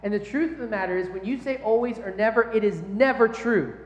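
A young adult man preaching a sermon in a lively, conversational way, with rhetorical questions to the crowd. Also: sits high, fast talker. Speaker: pastor. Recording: echoey hall.

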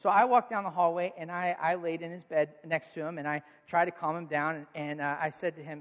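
A man's voice: on the high side, fairly even intonation, fairly quick, hardly any pauses, dull audio. A man in his thirties preaching a sermon, telling family stories in an earnest, conversational way. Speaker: pastor. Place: church auditorium with audience. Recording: long hall reverb.

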